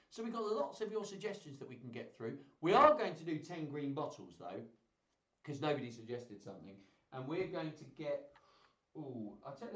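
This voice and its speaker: A man's voice: on the high side, reverberant. A man hosting a children's singalong livestream, chatty and playful. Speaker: children's entertainer. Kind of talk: live-streamed kids' singalong chat.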